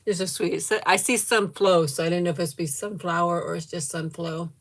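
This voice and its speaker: A woman's voice: on the low side, fairly even intonation, a little fast. A middle-aged woman hosting a casual livestream, tasting a sweet and gushing thanks to viewers by name with frequent giggles. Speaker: livestream host. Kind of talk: casual live chat and food tasting.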